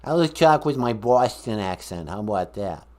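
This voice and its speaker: A woman's voice: rumbling low, expressive, moderate pace, darkish tone. A woman co-hosting a podcast in teasing, giggly casual chat.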